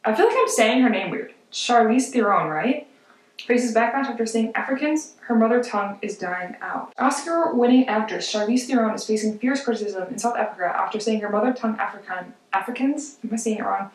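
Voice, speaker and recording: A woman's voice: fairly high pitch, a little fast. A young woman in her twenties, chatting casually and self-deprecatingly through a commentary vlog, with lots of "like" and frequent giggles. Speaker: video essayist. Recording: echoey room.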